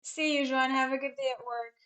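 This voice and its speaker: A woman's voice: sits high, fairly even intonation, fairly quick, sharp tone. A young woman chatting casually on a live stream as a chess commentator, rambling and answering questions from chat.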